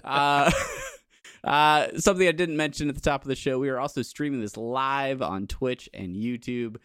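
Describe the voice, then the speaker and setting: A man's voice: medium pitch, normal speed, fairly bright tone, smooth, no room sound, clean studio sound. A man hosting a casual podcast, chatty and self-deprecating, laughing often. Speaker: podcast host.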